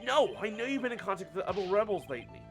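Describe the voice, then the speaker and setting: A man's voice: sits high, very animated, very fast, soft background music. A man reading an earnest young game lawyer. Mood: pressing. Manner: earnest, pressing questions. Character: earnest young male defense lawyer, persistent.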